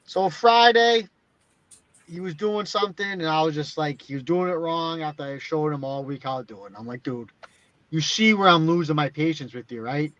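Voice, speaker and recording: A man's voice: fairly high pitch, moderate pace, a bit bright, no echo. A man co-hosting a casual chat, telling blunt, profane stories packed with "like" fillers. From Boston area. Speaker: podcast co-host. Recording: dull lo-fi sound.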